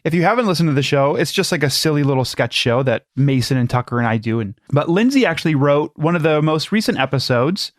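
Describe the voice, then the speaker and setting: A man's voice: fairly high pitch, expressive, no room sound. Man co-hosting a casual podcast, dry. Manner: joking, chatty, reads plugs and numbers slowly. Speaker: podcast co-host. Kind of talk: casual chat.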